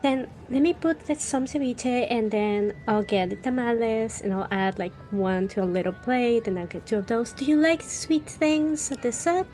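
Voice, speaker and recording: A woman's voice: a little high, moderate pace, hardly any pauses, warm tone, faint music behind. A woman player in a tabletop role-playing game who thoughtfully describes her character's actions.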